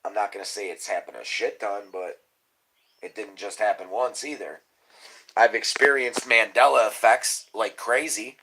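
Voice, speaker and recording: A man rambling on a casual livestream, swearing freely and drifting into conspiracy talk and quiet mumbled asides. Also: lowish voice, normal speed, slightly rough, poor audio. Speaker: livestream host.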